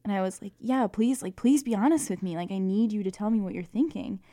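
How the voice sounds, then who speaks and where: A woman's voice: mid-range voice, quick pace, no room sound, studio quality. A young woman co-hosting a casual chat, telling stories and acting out the dialogue. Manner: animated storyteller, acts out dialogue. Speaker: co-host.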